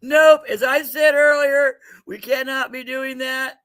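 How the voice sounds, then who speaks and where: A man's voice: extremely high pitch, little pitch movement, unhurried, pushed and bright, clean tone. A man hosting a casual livestream giveaway, joking loosely, laughing often and calling out to viewers by name. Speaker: livestream host running a giveaway.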